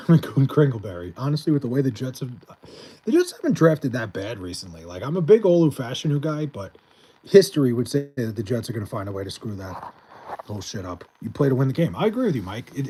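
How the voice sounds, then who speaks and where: A man's voice: mid-range voice, big pitch swings, brisk, warm tone, slightly rough. A man chatting casually on a live stream, reading and answering chat messages in a rambling, swearing way, his voice mostly gone so he half-whispers.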